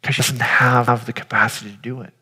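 A man's voice: mid-range voice, flat delivery, fairly quick, sharp tone, husky. A man giving an earnest, informal sermon, speaking directly to his audience. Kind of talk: conversational sermon. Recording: long hall reverb.

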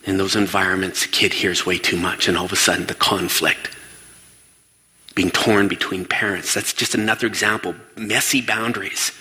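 A man speaks to an audience with energy and a bright, forceful tone. He fires questions at the room and slips into quoted voices to act them out. His voice rings with the long reverb of a large hall. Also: sits low, little pitch movement, moderate pace. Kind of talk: lively stage talk.

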